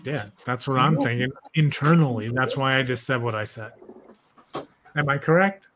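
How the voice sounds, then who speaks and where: A man's voice: medium pitch, moderate pace, heavy background noise. A man hosting a podcast in casual chat, rambling and swearing freely as he tells a loose story. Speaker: podcast host.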